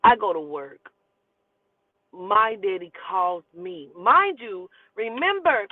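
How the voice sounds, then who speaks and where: A woman's voice: mid-range voice, lively intonation, slow pace, no echo. Blunt woman in her forties, phone-like sound. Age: 40s. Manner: blunt, profane, emphatic retelling. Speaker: storyteller host. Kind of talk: casual storytelling. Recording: tinny phone-like, dry sound.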